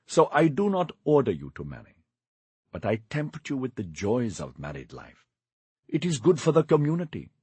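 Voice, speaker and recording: A man's voice: medium pitch, wildly swooping pitch, moderate pace, a little mellow, breathy edge, no echo, exaggerated voice. A man reading as a scheming old village grandmother. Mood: coaxing.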